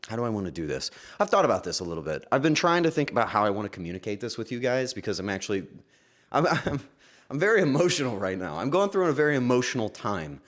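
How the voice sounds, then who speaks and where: A man streaming casually from home, talking to his chat in an emotional, halting way and breaking into sudden excited outbursts. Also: mid-range voice. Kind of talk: casual livestream chat to viewers.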